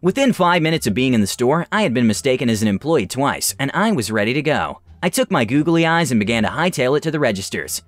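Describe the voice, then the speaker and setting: A young man reading online stories aloud with an animated, expressive delivery. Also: mid-range voice, fast talker, hardly any pauses, dry recording. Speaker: story reader.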